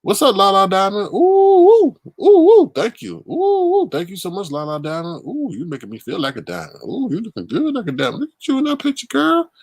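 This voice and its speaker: A man hosting a live stream, reacting theatrically with drawn-out exclamations and chatting to viewers. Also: sits high, big pitch swings, husky, no echo. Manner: theatrical, reacts loudly with drawn-out ooh and scared cries. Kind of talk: casual live-stream commentary.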